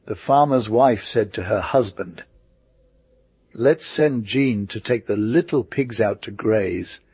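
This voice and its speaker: A man narrating a folktale for an audiobook in a measured storytelling manner. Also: fairly low pitch, darkish tone, husky, no room sound. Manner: slow, measured reading with small slips.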